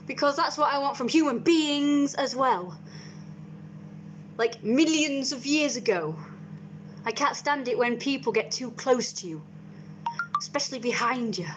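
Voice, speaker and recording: A woman's voice: high voice, a little slow, long pauses, slight background noise. A young woman chatting casually on a home live stream, rambling and acting out little scenes with sudden squeals. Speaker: vlogger. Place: at home indoors. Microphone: camera mic.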